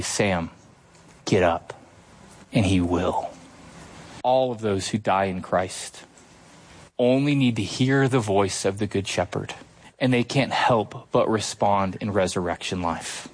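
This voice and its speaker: Guy pastor preaching, earnest and chatty, asks the crowd stuff. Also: on the low side. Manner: earnest, conversational preaching with rhetorical questions. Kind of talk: sermon.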